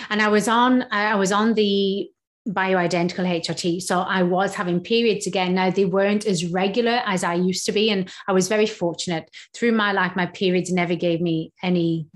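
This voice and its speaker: Candid woman telling a personal story. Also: on the low side. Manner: candid, animated storytelling with hesitant restarts. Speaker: podcast guest. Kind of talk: casual storytelling.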